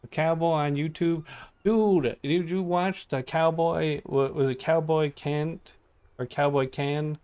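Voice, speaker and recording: A man's voice: fairly high pitch, steady tone, takes it slowly, a little mellow, smooth. A young man giving chatty, giggly commentary while streaming a game and reading choices aloud. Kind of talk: casual gaming commentary.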